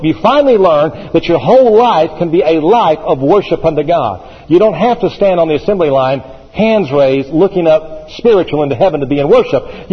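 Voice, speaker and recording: Man preaching a sermon, emphatic repetition, husky voice, echoey church, muffled broadcast sound. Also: fairly high pitch. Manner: emphatic, repeats phrases with rising intensity. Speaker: pastor.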